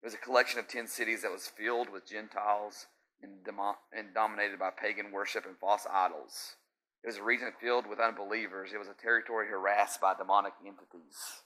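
Bright-voiced man preaching a fiery sermon. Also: on the low side, level tone, fairly quick. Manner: swings from hushed intensity to shouting; asks the crowd call-and-response questions. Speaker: pastor.

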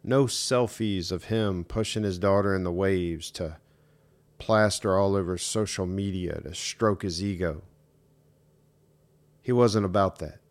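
Slow, low-voiced earnest man. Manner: earnest, emphatic, repeats key points. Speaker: podcast host. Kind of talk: reflective solo podcast monologue.

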